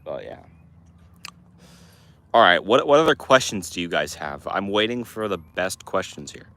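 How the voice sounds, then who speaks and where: Teen male streamer, low-ish voice, loose and rambling while reading chat. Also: sing-song, normal speed, pushed and bright. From Montana, US. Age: teens. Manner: rambling, with restarts and fillers. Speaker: livestream host answering chat. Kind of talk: casual livestream chat.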